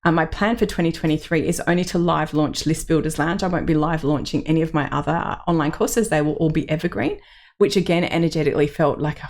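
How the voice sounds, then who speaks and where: A middle-aged woman, hosting her own podcast in a chatty, open way with plenty of ums. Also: low-pitched. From Australia. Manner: chatty and open, many ums, laughs through emotion. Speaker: podcast host. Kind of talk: solo podcast reflection.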